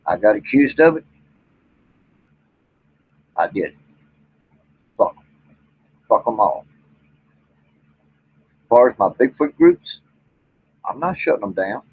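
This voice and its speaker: Speaking slowly with long pauses, the Bigfoot-researching vlogger delivers a very animated, furious rant to camera packed with profanity. His voice is medium-pitched and husky, and the dry recording has a tinny, phone-like quality.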